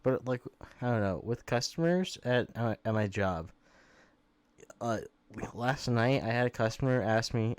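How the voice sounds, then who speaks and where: A man talks into a home microphone with a dry, close sound and no room echo. He delivers dry, deadpan quips in casual chat. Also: mid-range voice, a little slow, clear, resonant tone. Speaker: podcast co-host.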